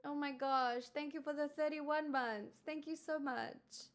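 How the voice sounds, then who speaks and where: A woman's voice: high-pitched, fairly even intonation, unhurried. Chatty woman livestream host. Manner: chatty, thanking viewers, exclamatory and wry. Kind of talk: casual livestream chat.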